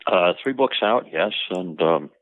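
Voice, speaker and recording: A man from Maine takes part in a phone interview, speaking in a measured way with a dry wit. His voice is very deep, and the phone line makes it sound tinny and narrow while staying dry. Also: expressive, no echo. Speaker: guest, actor.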